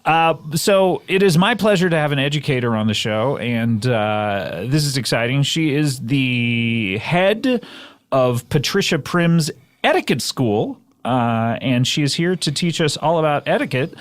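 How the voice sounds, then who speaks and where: Playful podcast host, dry studio sound. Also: male voice, medium pitch, lively intonation, unhurried, no room sound. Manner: playful, wry, with frequent laughs. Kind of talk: improvised comedy podcast.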